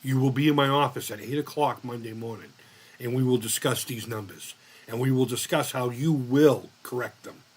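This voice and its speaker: A man's voice: medium pitch, moderate pace, breathy edge, pitched below the performer's own voice, lightly acted. A man voicing a stern male doctor who scolds his patient in a formal, clipped, commanding way.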